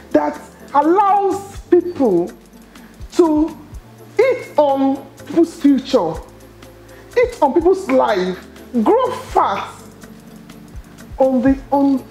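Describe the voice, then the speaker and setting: A middle-aged Nigerian woman telling her story as an interview guest, expressive and quick to laugh. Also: high voice. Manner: expressive, laughs often, acts out quoted dialogue. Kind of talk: animated personal storytelling.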